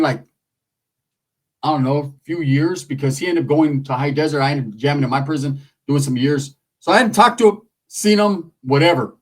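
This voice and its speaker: A man telling a story in a casual, slangy, profane way, animated throughout. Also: a little high.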